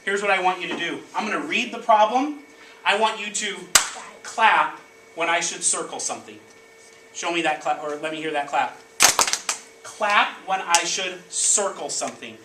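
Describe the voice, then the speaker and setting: A man teaching a class of children, leading the lesson with energetic call-and-response prompts. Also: high voice, moderate pace. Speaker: elementary school teacher. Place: elementary school classroom. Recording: echoey classroom, distant mic, background noise.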